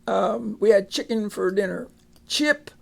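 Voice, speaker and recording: Slow, gravelly-voiced reading teacher man. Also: high-pitched. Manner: patient, sounds out words and repeats them. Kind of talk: phonics lesson.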